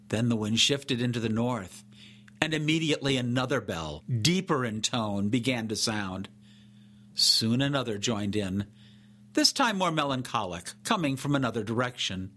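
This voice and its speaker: A man reading a story aloud for a podcast in a measured, even storytelling manner. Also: medium pitch. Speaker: podcast narrator. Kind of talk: scripted story narration.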